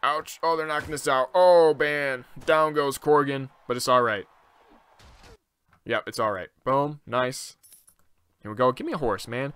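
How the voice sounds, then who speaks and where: Bright-voiced excitable young man commentating. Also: a little slow, smooth. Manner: excitable, swings into loud high-pitched outbursts when losing. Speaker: gaming video host. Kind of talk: casual gameplay commentary.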